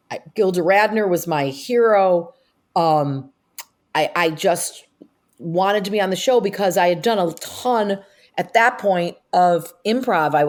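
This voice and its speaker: Animated older woman, lower voice. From upstate New York. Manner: animated storyteller, rapid asides and fillers. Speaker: guest, comedic actress. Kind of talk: casual interview chat.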